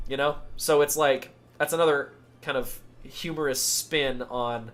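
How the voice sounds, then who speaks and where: A man's voice: medium pitch, steady tone, a little slow, hardly any pauses, fairly bright tone. A young American man chatting casually about a story he is writing. He rambles, fills his talk with "like", and mocks himself now and then. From United States. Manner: rambling, heavy use of "like", self-mocking asides. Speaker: writer describing his novel. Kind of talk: casual chat.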